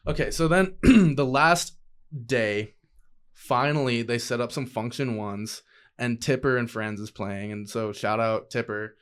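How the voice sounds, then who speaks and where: A young adult man chatting as a podcast guest, loose and slangy, swearing freely as he tells his story. He gets animated and slips into voices for the people he quotes, with a middle-pitched, everyday tone. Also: measured pace, smooth. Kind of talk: casual conversational storytelling.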